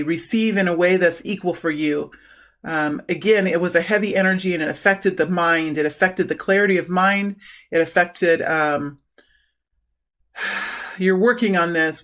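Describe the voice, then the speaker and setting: A middle-aged woman giving an intuitive tarot reading, talking slowly and haltingly with many fillers and restarts. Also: lowish voice, fairly bright tone. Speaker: tarot reader.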